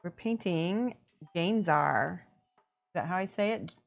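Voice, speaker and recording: A woman's voice: on the low side, animated, takes it slowly, creaky. Chatty woman streamer. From American Midwest. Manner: chatty, laughs often, plays with word pronunciations. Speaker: miniature painting streamer. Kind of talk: casual chat while painting, reading chat.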